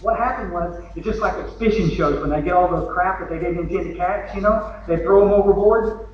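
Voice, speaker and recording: At the podium of a large convention hall, a Texan-accented man gives a folksy, joking recovery talk with acted asides. His voice sits high and a little fast, with slight background noise, recorded lo-fi from far off in the echoey hall.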